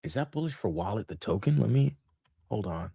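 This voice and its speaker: A man's voice: fairly low pitch, animated, brisk, gravelly, warm tone, slightly rough, no room sound, studio quality. A man hosting a casual market commentary livestream, thinking aloud with lots of fillers and restarts, and a touch of hiccups. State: has the hiccups. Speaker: livestream host.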